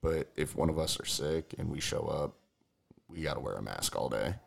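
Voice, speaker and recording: A man's voice: extremely low pitch, animated, moderate pace, gravelly, breathy edge. A man in casual podcast chat, making blunt, skeptical remarks.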